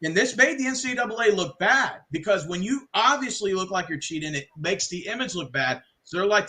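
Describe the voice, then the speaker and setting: A man hosting a casual sports chat, profane and excitable, slipping into mock wrestling voices. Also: high voice, quick pace, few pauses. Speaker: podcast host.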